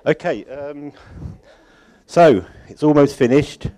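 A man with a slightly low voice speaks to a church conference crowd in a loose, off-the-cuff way. He circles back on his sentences, stumbles and chuckles to himself. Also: normal speed, darkish tone. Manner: rambling, self-correcting, chuckling often. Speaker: conference organiser addressing congregation. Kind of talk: informal closing address at a church conference.

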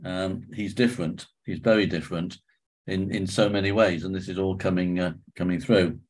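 Guy running a bible study, lowish voice, lots of ums and stops and starts, asking the group stuff. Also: steady tone, moderate pace. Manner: hesitant, frequent ums and restarts. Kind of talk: leading a group discussion.

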